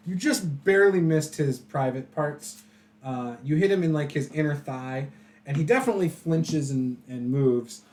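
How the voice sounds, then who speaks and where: A man's voice: a little high, normal speed, darkish tone. A man running a tabletop game as game master, describing the action casually with fillers and laughs.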